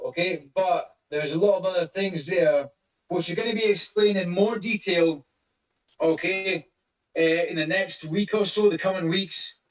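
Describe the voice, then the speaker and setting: A man's voice: high-pitched, echoey room, far from the mic, poor audio. A man hosting a casual online voice chat, rambling and swearing as he greets listeners by name. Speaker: crypto project lead hosting a community voice chat.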